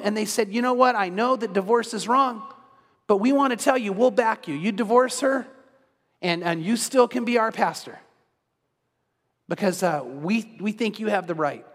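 A man's voice: high voice, fairly bright tone, big-room sound. A man preaching an earnest evening sermon as pastor, emphatic and repetitive in his phrasing.

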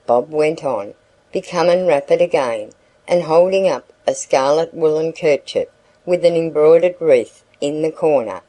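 A woman narrating a classic novel in a measured, even storytelling voice. Her tone is low and mellow, and she reads at an unhurried pace. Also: low-quality recording. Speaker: audiobook narrator. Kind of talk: scripted narration.

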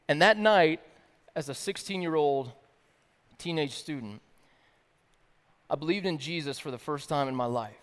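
A man's voice: on the high side, moderate pace, pauses often, big-room sound. A man from the American South giving a casual, slangy personal testimony as a worship-night speaker. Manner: casual, youthful slang, laughs often. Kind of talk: sermon-style personal testimony.

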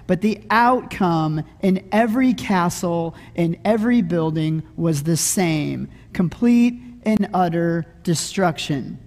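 A middle-aged man preaching a sermon, telling a funny story in a conversational way and often asking "right?". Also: high-pitched. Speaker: pastor. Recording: echoey hall.

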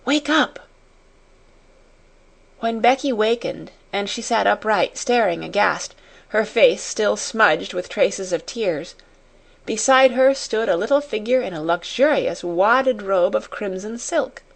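A woman narrating an audiobook chapter in a measured, unhurried reading. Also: medium pitch, gravelly. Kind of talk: scripted storybook narration.

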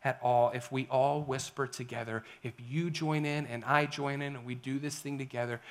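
A middle-aged man preaching a sermon as a pastor, animated, swinging between loud emphasis and hushed whispers. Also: medium pitch, moderate pace.

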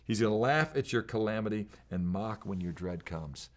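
Here a pastor with a lowish voice teaches from scripture at a normal speed. He is earnest and emphatic, weaving in quoted verses as he preaches.

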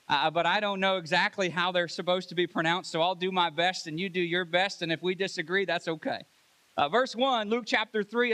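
A man's voice: high-pitched, moderate pace, pushed and bright. A man preaching a sermon from the pulpit to his congregation in a friendly, conversational way. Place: church sanctuary.

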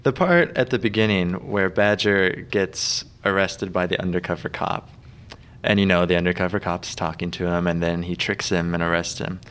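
A man's voice: low voice, normal speed, clear, resonant tone. A man co-hosting a podcast, chatting casually about a TV episode and laughing often. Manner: laughs often, relaxed banter. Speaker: podcast co-host. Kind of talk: casual chat.

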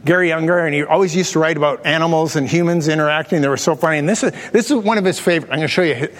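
Pastor, male, high voice, animated sermon storyteller, reverberant church sanctuary. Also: rapid-fire. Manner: animated storytelling with acted quotes. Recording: reverberant hall.

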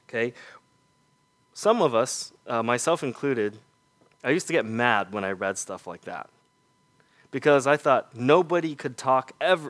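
A man with a medium-pitched voice preaches a sermon earnestly, full of rhetorical questions, and lets his voice fall soft on key points.

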